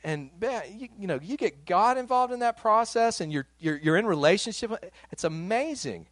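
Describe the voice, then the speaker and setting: A middle-aged man preaching a sermon in a casual, animated way, often repeating words as he goes. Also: high voice, normal speed, no echo. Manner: conversational, animated, with frequent repeated words and laughs. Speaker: pastor.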